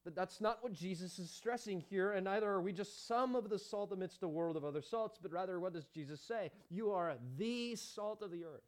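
A man's voice: high voice, fairly quick, few pauses. A man preaching a sermon as pastor, emphatic, with rhetorical questions and chatty asides to the congregation.

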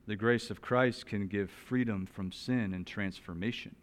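A man preaching an expository sermon. He talks in an animated, emphatic way, rises loudly on some points, and drops to a soft, slow voice on others. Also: on the low side. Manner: animated, emphatic, with wide swings in loudness. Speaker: pastor.

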